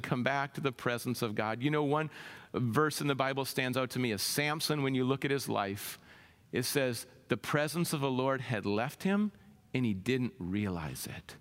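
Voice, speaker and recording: A man pastor preaching an impassioned sermon, his voice swelling to loud peaks and dropping to soft, low lines. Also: in a large hall.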